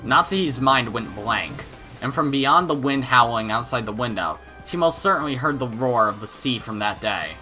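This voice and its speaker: A man narrates a visual novel in a lively, animated voice with bright, forceful delivery. Faint game music plays behind him. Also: mid-range voice, normal speed. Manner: expressive, animated reading. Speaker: let's play narrator. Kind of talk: reading a visual novel aloud with commentary.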